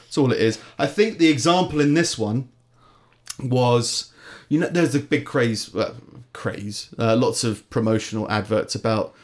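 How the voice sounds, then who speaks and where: A man with an English accent co-hosting a casual podcast chat. He talks in a sardonic, rambling way and lets his sentences trail off into mumbles. His voice sits at an ordinary middle pitch. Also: a little slow, a little mellow. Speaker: podcast co-host.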